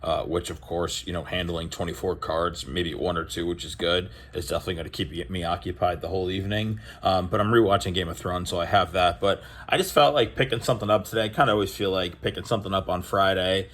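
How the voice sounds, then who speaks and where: A man's voice: deep voice, quick pace, few pauses. A young man chatting casually to camera about opening sports cards, rambling and storytelling with lots of fillers and restarts, livening up when he retells conversations. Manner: animated when retelling exchanges. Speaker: card collecting vlogger.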